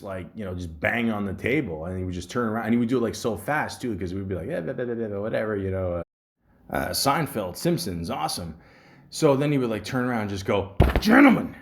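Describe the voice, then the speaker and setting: A man's voice: fairly low pitch, expressive, quick pace. A man hosting a podcast, telling a story in a rambling, profane way, full of fillers. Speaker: podcast host.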